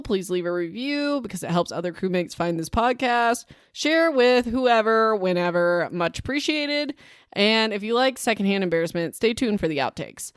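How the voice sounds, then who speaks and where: A woman's voice: medium pitch, clean tone, no echo. Chatty woman hosting a podcast, dry sound. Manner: chatty, rambling and self-deprecating. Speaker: podcast host. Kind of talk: casual solo podcast chat. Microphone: home podcast microphone.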